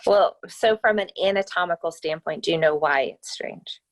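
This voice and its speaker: A woman with a low, grounded voice talks as a podcast guest on a remote call. She coaches listeners on their speaking, upbeat and emphatic, and leans on key words as she explains. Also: moderate pace. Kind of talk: casual interview chat.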